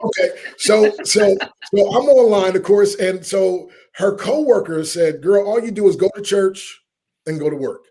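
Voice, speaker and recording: Man, middle-aged, high-pitched, husky, animated storyteller, interview guest. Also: normal speed. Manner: animated storyteller, acts out quoted voices, laughs often. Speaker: motivational speaker, guest.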